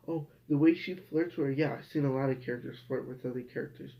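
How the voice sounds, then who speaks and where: A man's voice: medium pitch, fairly even intonation, normal speed. A young man hosting a casual review show, ranting in an exasperated, profane way. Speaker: host. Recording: dull lo-fi home recording.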